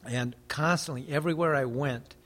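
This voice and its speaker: A man's voice: on the high side, normal speed, fairly bright tone. An American man who talks earnestly in casual conversation, preaching with frequent swearing. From United States. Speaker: guest.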